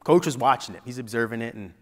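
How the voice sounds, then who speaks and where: A man giving a keynote speech, telling a personal story dramatically and dropping to a hush at painful moments. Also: mid-range voice, fast talker. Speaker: keynote speaker. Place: large event hall before an audience. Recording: long hall reverb.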